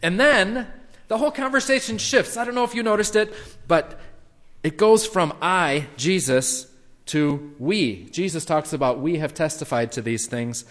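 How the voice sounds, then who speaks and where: A man's voice: on the high side, moderate pace. Man preaching in a reverberant hall. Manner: conversational, animated preaching with acted-out quotes. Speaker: pastor. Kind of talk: sermon.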